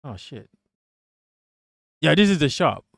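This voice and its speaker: Profane, animated male streamer, dry sound. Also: fairly high pitch, slow pace, creaky, no echo. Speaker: livestream host. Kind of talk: casual livestream chat.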